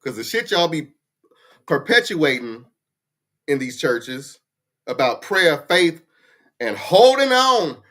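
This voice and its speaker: A man's voice: on the high side, big pitch swings, slow, long pauses, a bit bright. A man, hosting a casual livestream chat, ranting bluntly with profanity. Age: 50s. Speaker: livestream host. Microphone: computer mic for a livestream.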